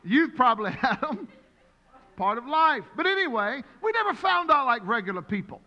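A man preaches to his congregation in a high-pitched, bright voice. He tells stories with lively acted-out voices. His words ring through a large, reverberant sanctuary. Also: normal speed, muffled recording. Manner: animated, storytelling with acted-out voices. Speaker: pastor. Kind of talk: sermon. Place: church sanctuary. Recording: long hall reverb.

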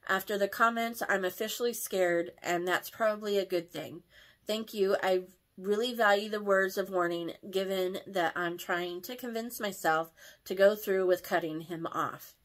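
A woman's voice: mid-range voice, moderate pace. A woman reading online posts and comments aloud, reacting emotionally, often stumbling and correcting her words.

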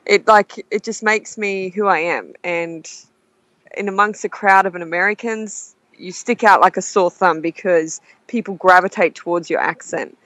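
A woman's voice: lowish voice, moderate pace, fairly bright tone, dry recording. A young Australian woman with an Australian accent, chatting casually as a guest and telling funny stories with frequent laughs. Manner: bubbly, laughs often, tells anecdotes. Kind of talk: casual chat.

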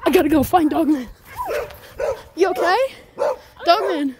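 Woman as young dog owner, high, unhurried, rambling and puzzled; fan plush video, faint noise. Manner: chatty, puzzled guessing, rambling.

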